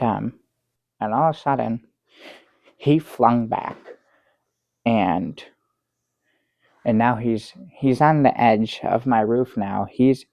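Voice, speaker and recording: An actor playing a bumbling middle-aged guest who rambles through a tall tale with many restarts, in improvised sketch comedy. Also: male voice, mid-range voice, gravelly, a little mellow, no echo, muffled recording. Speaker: guest on a comedy talk show.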